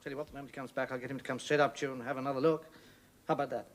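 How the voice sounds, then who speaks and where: An actor playing a crisp, well-spoken veterinary surgeon who is brisk and theatrical, in a 1970s television drama. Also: male voice, medium pitch, little pitch movement, slight background noise, natural voice. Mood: brusque. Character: brisk, theatrical country vet in charge.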